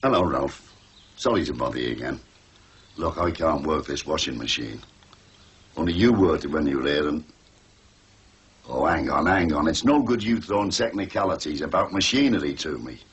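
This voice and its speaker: A man's voice: a bass voice, animated, normal speed, pauses often, slightly rough, heavily acted. An actor playing a grumpy older man, muttering at a machine he can't work. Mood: grudging. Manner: grumbling, exasperated muttering. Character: grumpy old man fighting a washing machine. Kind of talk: 1980s TV soap acting.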